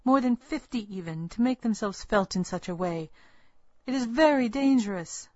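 A woman putting on a scolding village midwife from a storybook, older, secretive and bitter. The voice rides higher than the reader's own, with a husky, breathy edge and an unhurried delivery. The read is dry and a little dull, like a lo-fi recording. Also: very animated, darkish tone, no room sound. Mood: stern warning.

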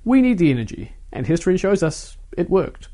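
A man's voice: high voice, sing-song, brisk, dark tone, voice pushed up. Man doing a slick professor in a storybook, reassuring, dodges hard questions. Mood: defensive. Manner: reassuring, then defensive. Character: smooth, evasive male professor defending his invention.

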